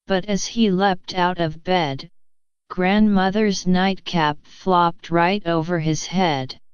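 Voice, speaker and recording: A woman reads a bedtime fairy tale aloud, gently and expressively. Her voice is very smooth and unhurried, a touch low. The sound is dry and slightly dull. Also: fairly even intonation, no echo. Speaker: storyteller. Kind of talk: bedtime story reading.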